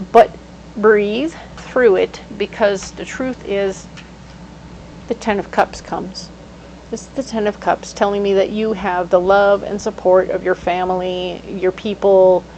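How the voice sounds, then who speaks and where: A woman giving a casual tarot reading, animated and playful, breaking into sudden exclamations. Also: medium pitch, slight background noise, rough recording. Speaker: tarot reader.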